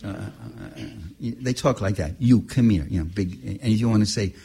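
Husky, lowish older man; activist speaker, anecdotal talk, animated delivery. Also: normal speed. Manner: animated storytelling, laughing at his own stories.

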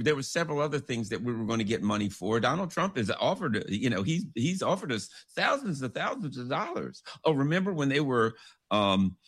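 A man's voice: medium pitch, fairly bright tone. A man hosting a rambling political commentary, telling folksy jokes and stories with many restarts.

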